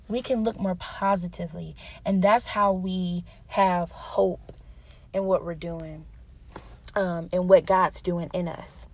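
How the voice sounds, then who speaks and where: Earnest young woman teaching, creaky husky voice. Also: lowish voice, steady tone, takes it slowly. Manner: earnest, conversational, laughing at herself. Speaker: Bible teacher. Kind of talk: devotional teaching with personal stories.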